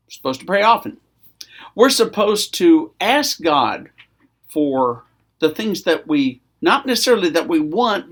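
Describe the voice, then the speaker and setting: A man who is a pastor giving a weekly devotional in a relaxed, conversational way, now and then acting out quotes with sudden loud outbursts. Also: on the high side. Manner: conversational, acts out shouted quotes.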